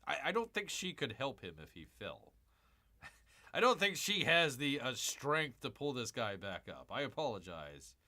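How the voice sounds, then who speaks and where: Animated, bright-voiced joking male streamer. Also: mid-range voice, measured pace. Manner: joking, calls himself Bear in third person; rambling, repeats lines and drifts into asides. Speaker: livestream host. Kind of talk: casual livestream commentary.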